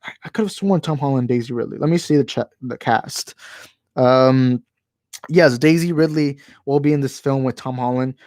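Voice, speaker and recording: A man's voice: medium pitch, normal speed, darkish tone, no room sound. Man, channel host, casual live-stream chat, rambling, stumbling restarts, apologetic asides, handheld mic, dry close sound. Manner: rambling, stumbling over words and restarting often; apologetic asides about his opinions. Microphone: handheld microphone moved closer while talking.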